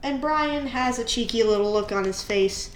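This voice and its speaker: A woman hosts a relaxed storytime with a slightly high voice, chatty and prone to restarting her sentences. The room gives her voice a noticeable echo. A faint hiss sits underneath. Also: moderate pace. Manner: chatty, rambling storyteller with self-corrections. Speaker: channel host. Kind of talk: casual storytime while coloring.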